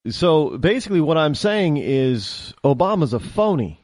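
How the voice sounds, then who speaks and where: A man's voice: fairly high pitch, very animated, unhurried, darkish tone, no room sound, studio quality. A man hosting his own talk show, delivering a rambling, opinionated monologue with many restarts and fillers.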